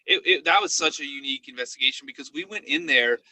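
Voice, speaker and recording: This man, a paranormal investigator guesting on a podcast, chats casually and tells stories, voicing quotes in a high, excited tone. He talks fast, and the rough recording has no room sound.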